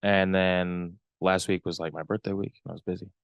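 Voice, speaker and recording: A young adult man co-hosting a podcast, chatting casually in a halting, rambling way. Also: low voice, little pitch movement, gravelly, smooth, no room sound, dull audio. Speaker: podcast co-host. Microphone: close podcast mic.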